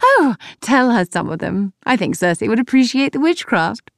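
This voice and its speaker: Woman doing a sly mocking queen in a storybook, voice pitched up high, theatrical. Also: very animated, moderate pace, no echo, studio quality. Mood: taunting. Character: scheming mocking royal queen, adult woman.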